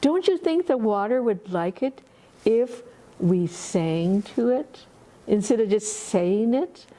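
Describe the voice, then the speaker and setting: Eager little grandson voice, high and sing-song, soft mellow tone, as a woman storyteller puts him on. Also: expressive, slow. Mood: coaxing. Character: eager little boy grandson, playful and sweet.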